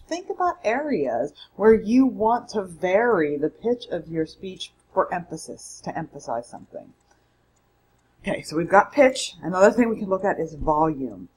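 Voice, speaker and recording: Her voice is on the low side, darkish and slightly rough, captured with poor audio. She's a college public speaking instructor giving an emphatic, conversational mini-lecture recorded at home, self-correcting along the way.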